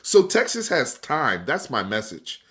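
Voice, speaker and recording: A man's voice: medium pitch, huge pitch swings, measured pace, fairly bright tone. A man hosting a casual sports debate on a live stream, emphatic and conversational, talking straight to his viewers and restarting words as he gets going. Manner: repeats and restarts words when fired up. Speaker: sports talk show host.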